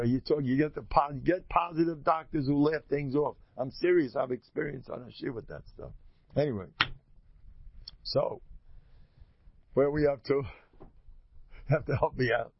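Male lecturer, gravelly, rambling storyteller, muffled lo-fi recording. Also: medium pitch. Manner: rambling storyteller who acts out dialogue. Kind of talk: informal religious talk to an audience. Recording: muffled lo-fi recording with faint noise.

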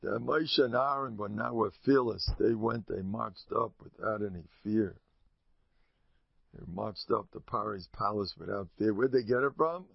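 Gravelly man giving a lively Torah class. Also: normal speed, dry recording. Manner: jokey, acts out quotes with sudden high squeaks and mutters. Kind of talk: animated Torah lecture with storytelling. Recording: dull lo-fi recording.

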